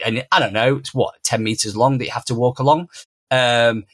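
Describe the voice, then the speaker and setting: Brief: male podcast co-host, mid-pitched, animated storyteller, dry close mic. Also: a little fast, no echo. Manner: animated, acts out quoted lines in a much higher voice. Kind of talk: casual conversational storytelling.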